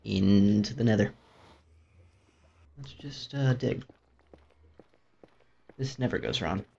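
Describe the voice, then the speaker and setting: A man's voice: slow pace, darkish tone. A young man commentating his own gameplay in a dry, rambling, self-mocking way. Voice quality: low gravelly voice. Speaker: gaming YouTuber. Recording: dull lo-fi mic.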